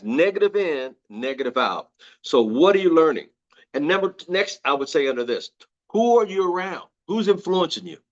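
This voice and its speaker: A man's voice: a little high, a bit bright, highs cut off. A man giving a motivational talk to an audience, emphatic and repeating his key phrases, asking the crowd questions. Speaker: motivational speaker.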